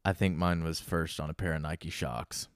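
Deep-voiced man in a relaxed chat. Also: normal speed, clean tone, no echo, clean studio sound. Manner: relaxed, joking, trailing asides. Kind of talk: casual chat.

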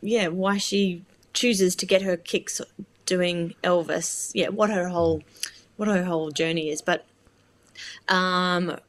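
Chatty woman, halting and emotional. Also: on the low side, fairly even intonation. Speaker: filmmaker being interviewed. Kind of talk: casual interview conversation.

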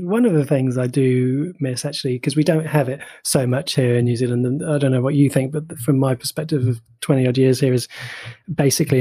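A man's voice: medium pitch, dark tone, slightly rough, no room sound. A man from Bristol with a Bristol accent, co-hosting a podcast in a jokey, chatty manner. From Bristol, Somerset, England. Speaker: podcast co-host. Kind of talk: casual chat.

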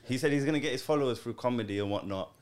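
A man's voice: medium pitch, very fast, a little mellow. A man co-hosting a casual podcast chat, laid-back, laughing easily and using casual slang.

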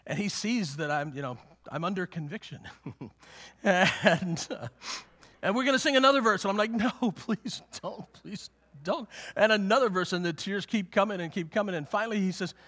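Halting preacher man, fairly high voice. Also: pushed and bright. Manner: halting, repeats words, often chuckling. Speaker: pastor. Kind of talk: sermon with personal story. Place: church.

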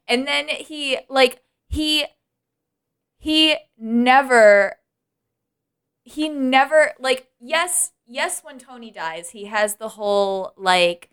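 A young woman co-hosting a casual podcast, her voice sitting a little high. She rambles through her points with plenty of fillers and frequent laughter, popping into animated impressions along the way. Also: slow, clean tone. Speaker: podcast co-host. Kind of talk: casual chat.

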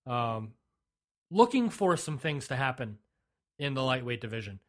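A man in the middle of a casual podcast chat, talking at an ordinary pitch for a man. He is blunt and opinionated, stumbles and restarts mid-thought, and states his views flatly. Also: normal speed. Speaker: podcast co-host.

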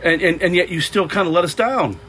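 A preacher voicing a stubborn elderly couple in a retold parable, insisting in a raised voice. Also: male voice, high-pitched, brisk, a bit bright, slight background noise, pitched above the performer's own voice. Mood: indignant.

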